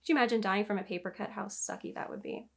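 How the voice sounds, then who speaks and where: A woman's voice: mid-range voice, rapid-fire, vocal fry, a bit bright. A woman co-hosting a casual review chat, playful and laughing often. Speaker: podcast co-host.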